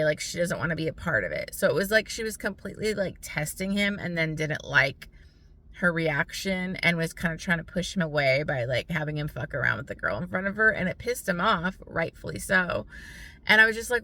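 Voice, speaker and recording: Blunt, bright-voiced young woman reviewing books. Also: lowish voice. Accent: American. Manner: blunt, frustrated, swears often, many "like" fillers. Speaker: book vlogger. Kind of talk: casual book review.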